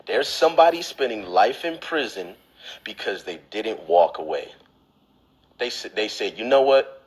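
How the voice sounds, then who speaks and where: A man on a livestream giving blunt, profane advice, lecturing the viewer and mocking others in a whiny high voice. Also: husky, poor audio. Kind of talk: instagram live rant. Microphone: phone.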